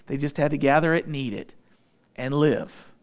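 A man delivers a sermon in a fairly high voice. He preaches with animation, acting out other people's voices and sinking into a low, intense hush to make a point. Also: normal speed, clean tone. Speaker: pastor.

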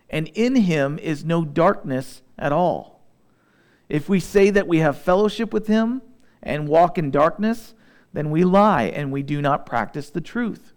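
Reading scripture slowly and with care, a man preaches in a somewhat high voice, then shifts into laid-back asides for his audience. He is a pastor from Southeast Missouri.

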